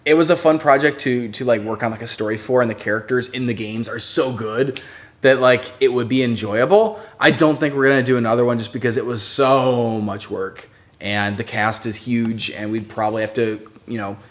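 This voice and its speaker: A man co-hosting a casual live stream, rambling and relaxed with many fillers. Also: medium pitch, normal speed. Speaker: channel co-host.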